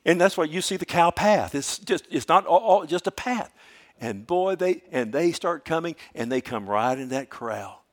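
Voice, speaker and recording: An older man, preaching a sermon in a folksy storytelling way that swings from hushed to loud. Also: fairly high pitch, animated, moderate pace. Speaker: pastor.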